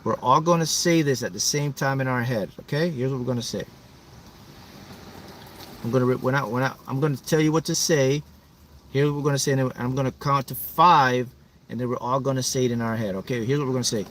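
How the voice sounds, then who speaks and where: Talking fast in a mid-range, fairly bright voice over a little hiss or hum, a man runs a livestream as a manifesting coach. He hammers points home, repeating them to fire up the audience.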